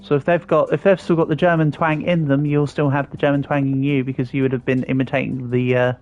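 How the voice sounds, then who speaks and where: A man's voice: mid-range voice, flat delivery, fast, highs cut off, soft background music. An English man in his thirties, chatting casually on a live stream and answering viewers' comments as he builds. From England. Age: 30s. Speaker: livestreamer.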